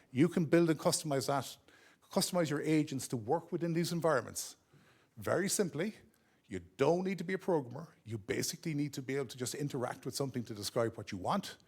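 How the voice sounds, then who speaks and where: Gravelly man giving a talk. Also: mid-range voice. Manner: conversational, often checks in with "okay?". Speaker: conference presenter. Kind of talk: business conference talk. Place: conference room at a corporate office.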